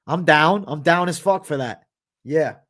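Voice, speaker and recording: This American livestream host is a man whose voice sits on the high side, with a measured pace and a fairly bright tone. He answers viewer questions in a casual, laid-back, profane chat, saying "bro" a lot.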